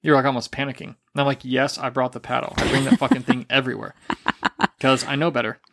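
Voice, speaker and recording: Raised Catholic, this male podcast co-host talks fast at medium pitch while casually recounting a racy story. He is animated, laughs throughout, and acts out what people said.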